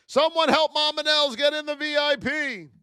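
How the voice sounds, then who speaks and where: A man's voice: very high voice, steady tone, moderate pace, pushed and bright, dry recording, studio quality. A man in his thirties hosting a live trading stream, hyped up, calling out viewers' names and calling them his beauties. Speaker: trading educator and livestream host.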